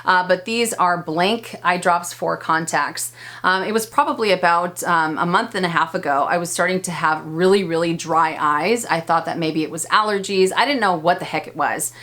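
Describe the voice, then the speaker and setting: A woman's voice: fairly low pitch, moderate pace, pushed and bright. A woman in her thirties giving a casual, chatty product review as a vlogger, enthusiastic and full of fillers. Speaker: beauty vlogger.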